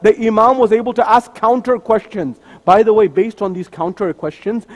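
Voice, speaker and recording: A man giving a sermon at a mosque, telling a story and acting out its dialogue. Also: sits high. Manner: acts out the dialogue of figures in his story. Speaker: speaker at a mosque. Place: mosque hall. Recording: long hall reverb.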